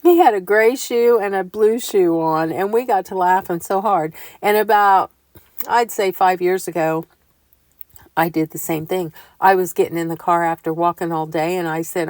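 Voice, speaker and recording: Older lady chatting away in a homey voiceover, kinda low voice, real dry. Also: normal speed, no room sound. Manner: chatty, homey, animated when recounting. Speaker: vlogger. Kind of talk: casual voiceover storytelling. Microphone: close mic voiceover.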